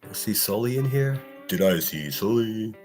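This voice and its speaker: A man's voice: lowish voice, animated, normal speed, darkish tone, faint music behind. A man hosting a casual morning livestream, ranting bluntly with lots of swearing, breaking into laughs and reading chat. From Pittsburgh area. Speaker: livestream host.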